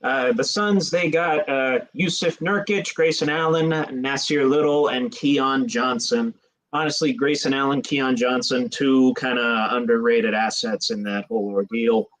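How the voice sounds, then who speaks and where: A man's voice: medium pitch, steady tone, a little slow, a bit bright, rough recording. A man co-hosting a sports podcast, laid-back and reading off trade details in casual chat. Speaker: podcast co-host.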